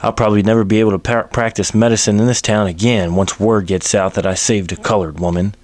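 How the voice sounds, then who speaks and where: A man's voice: fairly low pitch, steady tone, quick pace, a little mellow, no room sound, lightly acted. A man voicing a bigoted, sneering frontier doctor, spitting his words with contempt. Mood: contemptuous.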